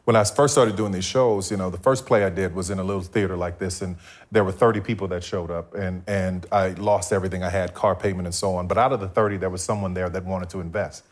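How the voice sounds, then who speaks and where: A middle-aged man, appearing as a guest at a faith talk, recounts a dramatic personal testimony and acts out the dialogue as he tells it. His voice is low and fast, with fairly even intonation.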